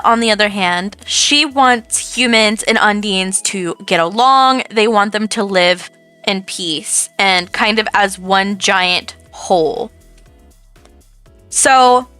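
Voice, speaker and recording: Bright, chatty young woman. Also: fairly high pitch, clean tone, no echo. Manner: chatty and gushing, repeats herself. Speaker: book reviewer. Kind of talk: casual book review monologue.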